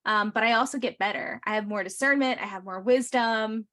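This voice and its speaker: A woman's voice: a little high, a little fast, a bit bright. A woman in her forties chatting on a podcast, earnest and emphatic. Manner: earnest, emphatic, many fillers. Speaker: youth ministry panelist. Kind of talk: casual podcast chat.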